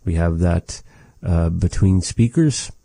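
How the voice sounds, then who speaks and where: A man teaching vocabulary in a language lesson, explaining words slowly and patiently and repeating each one after the recorded speakers. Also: sits low, vocal fry, warm tone, dry recording.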